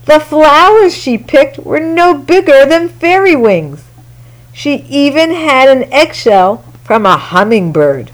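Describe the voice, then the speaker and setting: Woman storyteller, children's read-aloud, slow pace, lively sing-song pitch, fairly high voice. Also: low-quality recording.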